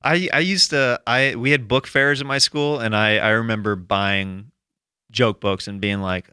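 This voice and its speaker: A man's voice: fairly low pitch, fairly even intonation, measured pace, pushed and bright, smooth, no room sound, studio quality. A man hosting a casual comedy podcast, talking in an enthusiastic, rambling way with many restarts. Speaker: podcast host. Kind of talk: casual chat.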